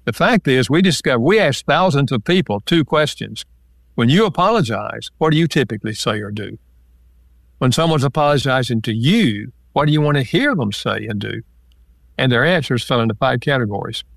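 A man guest, an author and counselor, calmly explaining ideas step by step with examples in a relaxed interview. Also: medium pitch, brisk, gravelly, no echo.

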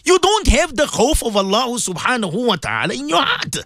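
A man's voice: extremely high pitch, wildly swooping pitch, fairly quick, fairly bright tone, no echo, clean studio sound. A man giving a fervent, repetitive radio sermon, preaching at his listeners with direct questions. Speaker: radio presenter giving religious advice.

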